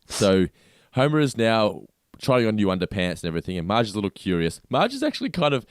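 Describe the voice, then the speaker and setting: Lively, chatty male podcast co-host. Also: on the low side, fast, clean tone, no echo, studio quality. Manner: chatty, laughs easily, recaps scenes. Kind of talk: casual review chat.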